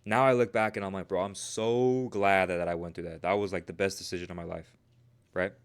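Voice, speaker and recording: A young man in his twenties chats casually on his own livestream, with a smooth, clear voice sitting a little low. He talks earnestly and keeps tagging his sentences with quick checks for agreement. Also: fairly even intonation. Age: 20s. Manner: casual, peppered with "right?" and "bro"; earnest, motivational. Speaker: trading livestream host.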